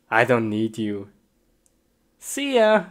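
A woman performing a comic skit in simple, broken phrasing, breaking into sudden high yelps. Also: huge pitch swings, drawn-out words. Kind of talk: comic live-action skit. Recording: noisy home recording.

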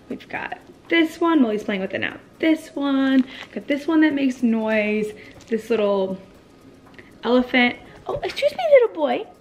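A woman's voice: on the high side, a little mellow, a little hiss or hum. A woman in her twenties vlogging casually from home, talking playfully to her puppy and her viewers. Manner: playful, talks baby-talk to her puppy. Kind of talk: casual vlog chat.

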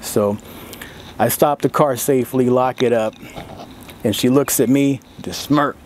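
A man talks straight to his audience in a loose, swearing, laugh-filled storytelling vlog. His voice sits at an ordinary middle pitch. A faint hum of ambient noise runs under it. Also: unhurried. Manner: profane, laughing, animated storyteller. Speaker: vlogger.

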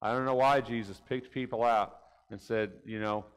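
A man's voice: lowish voice, fairly even intonation, moderate pace, clean tone. A man teaching a conversational Bible class in church, in a folksy way, often tagging his points with questions like "right?" and "didn't he?". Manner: folksy, keeps asking rhetorical tag questions. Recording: reverberant church room.

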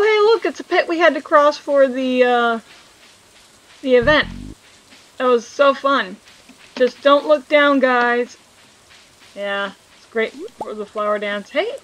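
A high-pitched, fairly bright female voice comes through a low-quality recording of casual gameplay commentary. She hosts a let's play, chatting and kidding with viewers and reading the in-game lines aloud.

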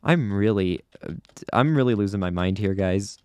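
A man's voice: fairly low pitch, expressive, normal speed, smooth, dry recording. A young man giving casual, chatty commentary over his own gameplay, often flustered and poking fun at himself. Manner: chatty, self-deprecating, easily flustered. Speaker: gaming YouTuber.

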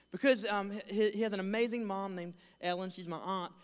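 A young man preaching as a pastor, telling a funny story and acting out voices with lively, self-deprecating energy. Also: sits high, quick pace, few pauses, clear, resonant tone, long reverb tail. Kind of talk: storytelling sermon. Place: large church hall.

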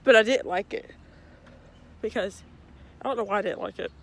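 A young woman vlogs on a walk through her neighborhood outdoors, holding her phone at arm's length as she rambles in a casual, self-deprecating way, out of breath. Her voice is mid-range and fairly bright with a breathy edge, at normal speed.

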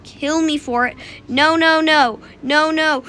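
A woman giving playful, excitable commentary as she plays a game, gasping and squealing often. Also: high voice, slow pace, slight background noise. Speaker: gamer. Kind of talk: casual gameplay commentary.

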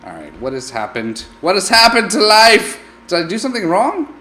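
A man's voice: high-pitched, sing-song, normal speed, pushed and bright. A man hosting a let's play, narrating his gameplay with playful, mock-scared melodrama. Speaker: gaming channel host.

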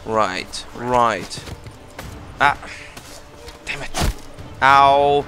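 A man hosting a let's play, giving casual commentary full of excited exclamations and rambling asides. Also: mid-range voice, measured pace. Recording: commentary over loud game music. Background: game music.

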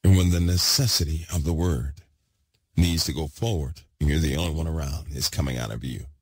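A man preaching with great excitement, repeating himself for emphasis and swinging from loud bursts to hushed asides. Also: very deep voice, brisk, husky, dry recording. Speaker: podcast host preaching. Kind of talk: impassioned preaching.

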